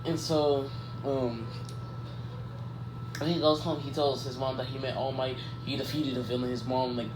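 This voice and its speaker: A man making up a story on the spot, full of fillers and restarts, in a roomy space with a faint hiss behind him. His voice sits at a middling pitch for a man. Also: level tone, moderate pace, long pauses. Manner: rambling, self-correcting, lots of "like" and "um". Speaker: YouTuber telling a fan story. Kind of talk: casual improvised storytelling. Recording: echoey room with faint background noise.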